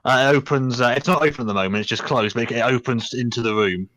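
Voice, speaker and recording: Halting young male game master. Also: medium pitch, a bit bright, no echo. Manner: hesitant, many fillers. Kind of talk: narrating a tabletop game.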